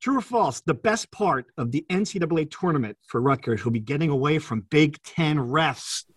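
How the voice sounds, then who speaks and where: A man's voice: on the high side, expressive, moderate pace, breathy edge, dry recording, far from the mic. A man hosting a casual sports podcast, quizzing his co-hosts and laughing often. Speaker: podcast host.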